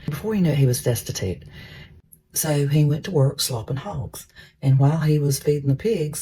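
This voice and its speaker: Brief: mellow, gravelly male storyteller, chatty devotional retelling. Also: on the high side, a little hiss or hum. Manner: conversational, repeats words, drops into hushed whispers. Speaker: Christian storyteller.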